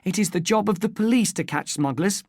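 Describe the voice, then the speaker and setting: A narrator voicing a worried widowed mother who gets tearful and high-pitched when upset, in a slow storybook reading for English learners. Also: darkish tone, dry recording, studio quality, lightly acted. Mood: angry, upset.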